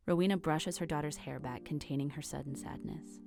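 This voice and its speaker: A woman narrates a fan audio drama in an even, storytelling manner. Her voice is low and gravelly. Music plays clearly behind her. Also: fast talker, few pauses.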